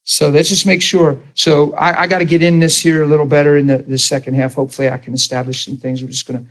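Animated, higher-voiced man teaching ministry. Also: fast, rough recording. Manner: animated, blunt, acts out quoted voices.

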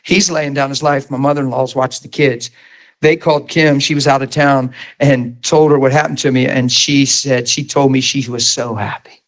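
At normal speed and medium pitch, a man aged somewhere in his thirties or forties preaches a personal testimony as a story. He keeps it animated, laughing often and playing out the scenes.

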